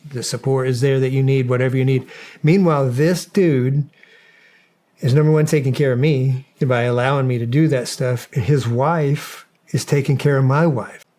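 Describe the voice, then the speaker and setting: Man, podcast guest, mid-pitched voice, rambling, curses freely, lots of fillers. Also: fairly even intonation, moderate pace, dark tone. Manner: rambling, swears, many fillers. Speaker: guest, former soldier. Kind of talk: casual storytelling.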